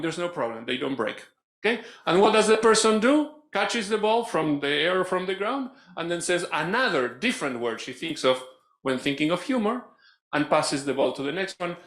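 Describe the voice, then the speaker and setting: A man facilitating a live conference workshop, giving playful, animated instructions to the room. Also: high voice. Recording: echoey room.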